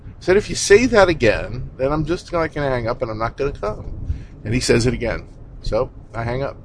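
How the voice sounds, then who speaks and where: A man with a fairly low voice tells a story in a loose, rambling way, full of "you know" and "um." He sounds blunt and easily exasperated and swears mildly now and then. Faint noise sits behind him. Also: low-quality recording. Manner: rambling, conversational storytelling with many fillers. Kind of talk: casual monologue.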